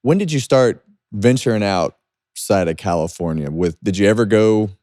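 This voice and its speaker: A man hosting a podcast, asking halting questions and adding short replies. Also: fairly low pitch, animated, dark tone, no echo, studio quality. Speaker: podcast host. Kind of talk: casual interview.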